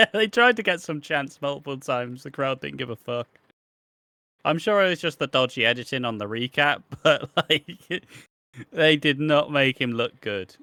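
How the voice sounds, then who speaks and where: Bright-voiced man in laid-back podcast chat. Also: on the high side, lively intonation, unhurried, no echo. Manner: laid-back, swears freely, trails off with ums. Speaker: podcast co-host. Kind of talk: casual chat about wrestling.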